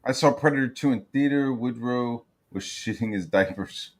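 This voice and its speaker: A man telling rambling, profane stories in casual podcast chat, breaking into loud excited outbursts. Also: medium pitch, normal speed. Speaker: podcast co-host.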